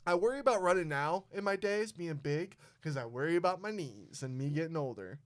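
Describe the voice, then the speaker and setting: Profane storytelling man with a smooth voice. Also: on the high side, brisk. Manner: profane, animated storyteller who acts out quotes. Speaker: podcast host. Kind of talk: casual podcast storytelling.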